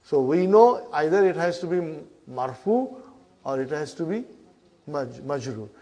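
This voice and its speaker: A man teaching an Arabic grammar class, coaxing students through exercises, repeating their answers and teasing them gently. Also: fairly high pitch, sing-song, measured pace. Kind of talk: classroom lesson.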